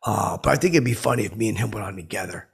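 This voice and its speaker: A comedic podcast host plays a clueless, lonely, brash oddball in character, racing through a rambling story full of fillers and restarts. His exaggerated voice sits on the low side and sounds gravelly and husky.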